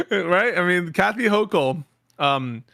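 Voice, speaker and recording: A man's voice: sits high, lively intonation, takes it slowly, creaky, pushed and bright, no echo, clean studio sound. A man guesting on a podcast in casual political chat, laid-back and joking, swearing casually.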